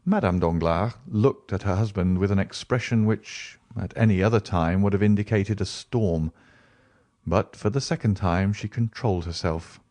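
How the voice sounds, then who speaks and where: A man reading a classic novel aloud as an audiobook narrator, in a deliberate, expressive storytelling manner. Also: on the low side. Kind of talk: scripted narration.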